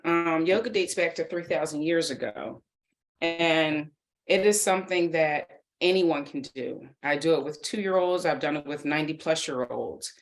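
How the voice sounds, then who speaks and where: A middle-aged woman speaks in a slightly low, soft voice, slow and encouraging as she guides a chair yoga session. She talks like a yoga teacher and therapist, warm in her wording and unhurried. The sound comes through a video call mic. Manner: gentle, encouraging, unhurried speech with soft laughs. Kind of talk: guided wellness talk and chair yoga demonstration.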